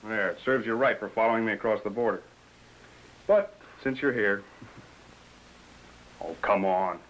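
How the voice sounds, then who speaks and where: A man's voice: lowish voice, expressive, a little slow, a bit bright, slight background noise, low-quality recording. An actor playing a joking, teasing American businessman-adventurer, in 1950s TV drama style.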